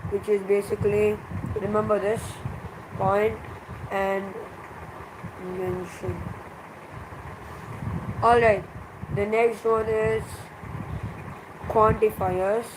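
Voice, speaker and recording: A teacher giving a grammar revision lesson, explaining slowly and in measured steps with many pauses. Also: mid-range voice, flat delivery, noisy background.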